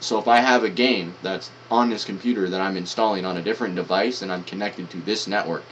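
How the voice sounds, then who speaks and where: A man's voice: on the low side, fairly bright tone, muffled recording, a little hiss or hum. A man streaming, giving casual, slangy reaction commentary with some swearing.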